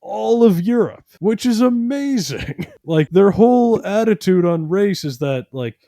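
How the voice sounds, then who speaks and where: A man's voice: high-pitched, expressive, a little slow, dark tone, dry recording, clean studio sound. A man co-hosting a podcast, rambling in casual chat with lots of fillers and sarcastic mock voices. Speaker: podcast co-host.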